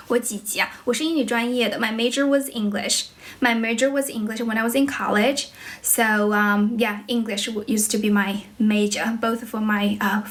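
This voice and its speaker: A young woman from China, speaking English with a Chinese accent, chatting on a livestream as an English teacher and switching between English and Chinese as she answers viewers. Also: fairly high pitch. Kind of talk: livestream chat.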